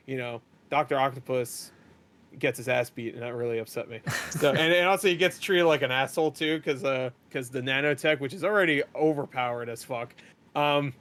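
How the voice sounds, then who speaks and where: A young man hosting a podcast, rambling and swearing as he recaps a movie and acts out the characters in quick paraphrase. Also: medium pitch, fairly bright tone. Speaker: podcast host.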